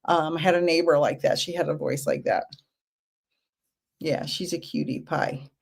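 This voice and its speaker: A woman in her fifties, a spiritual medium hosting a casual livestream, who talks in a gentle, reassuring way with chatty asides. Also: low-pitched, normal speed, gravelly, slightly rough.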